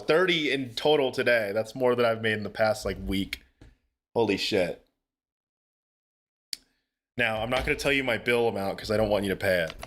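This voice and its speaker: On a live stream, a young adult man chats casually with his viewers in a lowish, fairly bright voice. He's earnest and talkative, swears freely, and laughs often.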